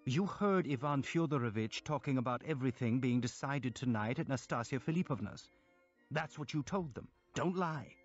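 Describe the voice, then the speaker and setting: A man's voice: medium pitch, expressive, lo-fi sound, soft background music. A man voicing a bitter, hot-tempered young man who speaks in a grating, accusing way in a storybook reading. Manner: grating, accusing, quick and sharp.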